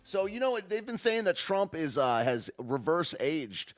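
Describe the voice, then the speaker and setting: Male podcast host, high-ish and very lively, rambling chatter over soft music. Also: measured pace. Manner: excitable and rambling, lots of 'dude' and 'man', laughs often. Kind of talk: casual live-stream commentary.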